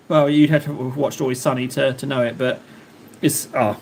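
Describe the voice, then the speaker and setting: A man hosts a livestream in a steady, medium-pitched voice that's gravelly and darkish, speaking briskly with slight background noise. He rambles and jokes with viewers while reading their chat, stopping and restarting often amid lots of fillers.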